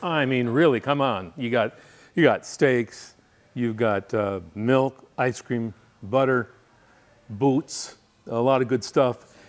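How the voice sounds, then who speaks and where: A man's voice: mid-range voice, slow pace. Joking middle-aged man from Wisconsin. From Wisconsin, USA. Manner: joking, rambling storyteller with deadpan asides. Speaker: guest speaker. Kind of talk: humorous speech to a men's group. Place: coffee shop.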